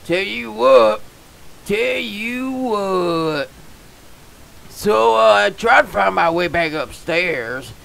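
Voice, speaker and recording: A man doing comedic gameplay commentary in a goofy, dim-witted yokel persona with folksy slang, bursting into excited shouts. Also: high-pitched, gravelly, poor audio. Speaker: gamer vlogger.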